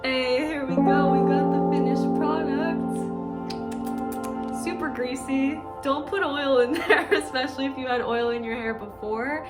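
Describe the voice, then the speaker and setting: A woman's voice: sits high, steady tone, unhurried, loud music behind the voice. Candid, emotional woman vlogging. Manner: candid, emotional, chatty with lots of "like". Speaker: dietitian. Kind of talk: personal vlog.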